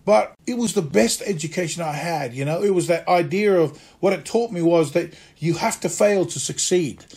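A male actor and acting teacher telling stories from his career in a lively way, acting out the voices of people he quotes. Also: sits high, moderate pace, creaky, breathy edge. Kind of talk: conversational storytelling interview.

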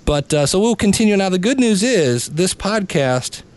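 A man's voice: high voice, big pitch swings, normal speed. A man reviewing a podcast live as a coach, chatty and full of restarts. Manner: chatty, many restarts and fillers.

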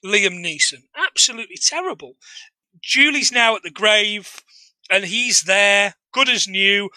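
A man with a high, very bright voice talks through a film scene by scene in casual podcast chat. He is animated and jokey and breaks into laughter often. The sound is dry and close. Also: unhurried, dry recording, rough recording. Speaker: podcast co-host.

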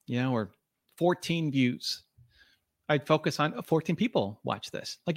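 A man's voice: mid-range voice, dry recording, clean studio sound. A man speaking as a podcast guest in an earnest, motivational way, with frequent restarts and fillers. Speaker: podcast guest, video creator. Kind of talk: conversational interview.

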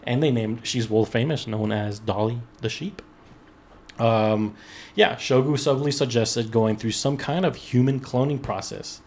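A man's voice: medium pitch, unhurried, darkish tone, slight background noise. A man hosting a casual podcast, reading out an article with loose, profane asides and stumbling restarts. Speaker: podcast host.

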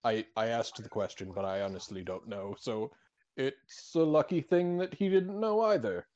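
A slimy alien crewman stammers through politely awkward questions, as a man improvises him. His voice sits at a middle pitch. His many restarts and hesitant little pauses come through on every line. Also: darkish tone, muffled recording, close to an everyday voice. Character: slimy alien crewman who reads crew mail. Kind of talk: improvised sci-fi role-play.

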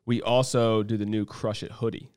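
A man's voice: fairly low pitch, level tone, normal speed, a little mellow, clean tone. A man co-hosting a casual chat, reading off product dates in an easygoing, bantering way. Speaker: co-host.

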